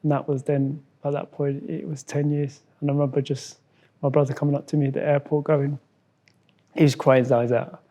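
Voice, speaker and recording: A man from Somalia, a guest in an interview, telling a personal story in a halting way, repeating words and acting out what others said. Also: medium pitch, flat delivery, warm tone. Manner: halting, repeats words, acts out quoted dialogue.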